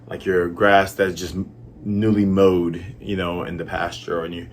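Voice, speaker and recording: A man's voice: low-pitched, flat delivery, moderate pace, slight background noise. A man from the American South talking through a manga chapter in a chatty, musing way. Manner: chatty, musing, lots of fillers. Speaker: manga reviewer. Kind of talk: casual commentary.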